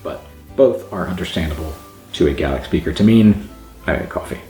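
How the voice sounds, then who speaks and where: A man hosting a language channel who explains grammar casually and sounds out example words slowly. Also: low voice, lively intonation, dark tone. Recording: echoey room with faint background music.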